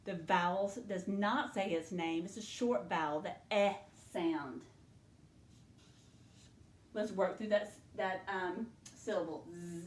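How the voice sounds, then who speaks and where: A woman teaching a spelling lesson to young learners, sounding out each letter and syllable slowly and patiently. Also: on the low side, reverberant.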